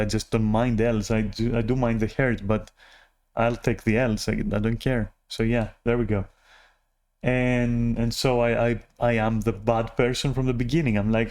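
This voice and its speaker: A man's voice: medium pitch, darkish tone. Frustrated, swearing man ranting. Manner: profane, frustrated, rambling with many restarts. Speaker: vlogger. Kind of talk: rambling personal rant.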